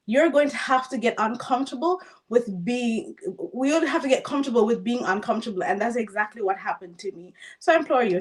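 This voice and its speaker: A woman giving an emphatic, motivational personal testimony on a panel. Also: on the high side. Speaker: business testimonial speaker.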